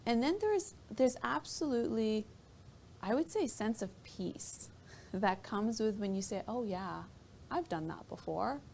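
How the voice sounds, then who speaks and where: A woman guest on a radio talk show, explaining her ideas thoughtfully and pausing to find her words. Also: a little high, lively intonation, vocal fry, darkish tone, slight background noise. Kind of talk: reflective talk radio discussion.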